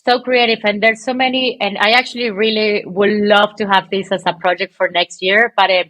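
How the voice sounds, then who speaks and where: A woman from Venezuela, a guest telling stories in an animated, chatty way, full of "like" and "okay". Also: medium pitch, fairly quick, slight background noise. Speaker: guest, pole dance champion. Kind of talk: casual interview storytelling.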